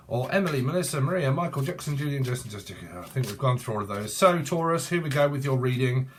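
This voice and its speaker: A man's voice: medium pitch, slight background noise. A man giving a rambling, playful tarot reading, free-associating and laughing often. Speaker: tarot reader.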